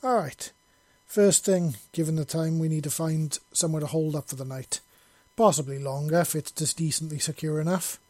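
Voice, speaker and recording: A man's voice: a little high, steady tone, normal speed, darkish tone, no room sound, close to an everyday voice. A man voicing an armored soldier leading his squad in a decisive, matter-of-fact way.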